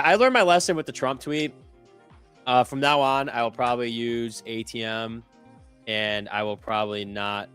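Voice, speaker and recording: Young male trader, casual rambling delivery, clear low-leaning voice, light music bed. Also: fairly bright tone. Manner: loose, rambling, lots of "like" fillers and self-corrections. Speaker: trader on a live trading stream. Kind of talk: casual chat.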